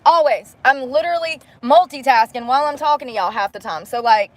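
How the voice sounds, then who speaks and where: A woman's voice: sits high, a little fast. A woman chatting casually on a phone livestream, blunt and profane as she vents to her viewers.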